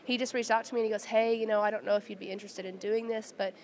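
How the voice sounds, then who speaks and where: A woman from Oklahoma chatting as a guest songwriter, telling stories quickly with lots of restarts, while getting over bronchitis. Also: medium pitch, fairly even intonation, darkish tone. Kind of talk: casual interview chat.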